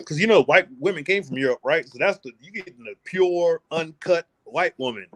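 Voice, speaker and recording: This podcast guest is a travel vlogger from the US, spinning slangy, bragging, lively tales during a relaxed interview. He speaks on the higher side and at a fairly quick clip.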